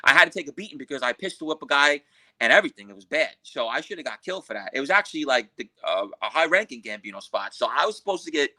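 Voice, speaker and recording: A man tells his story as a podcast guest, his voice hard-edged and forceful. He sits slightly high for a man and swears freely. He slips into the voices of the people he talks about. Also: fast talker. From Queens, New York. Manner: profane, animated, acts out what others said. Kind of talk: casual storytelling.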